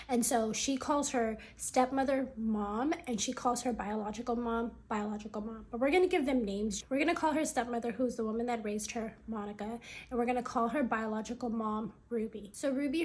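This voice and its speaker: A woman with a somewhat high voice narrates a family story in a relaxed storytime manner. She talks like she's chatting with a friend, sprinkling in casual fillers.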